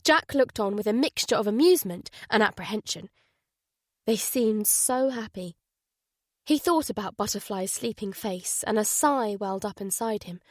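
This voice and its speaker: A woman reading a thriller audiobook in an even, measured narration. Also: medium pitch, dry recording, clean studio sound. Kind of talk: scripted narration.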